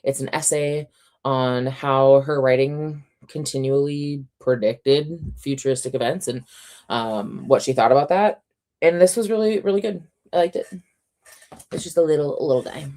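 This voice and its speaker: A woman hosting a casual reading livestream at home, chatty and quick to laugh, her voice a little sore and scratchy. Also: rumbling low, warm tone. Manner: chatty, reads out chat comments, laughs often. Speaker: reading sprint livestream host.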